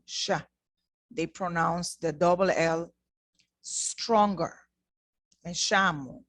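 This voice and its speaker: A woman's voice: lowish voice, takes it slowly, a bit bright, no room sound. A woman teaching an online Spanish lesson, speaking patiently and repeating words to model their pronunciation. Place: class produced in the Bahamas.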